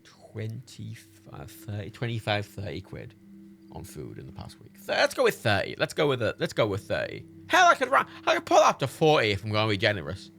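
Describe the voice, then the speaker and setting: British male streamer, exasperated and sweary, gravelly, very animated delivery. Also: fairly low pitch, fairly quick, a little hiss or hum. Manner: sweary, exasperated, laughs often. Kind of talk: live game stream chat.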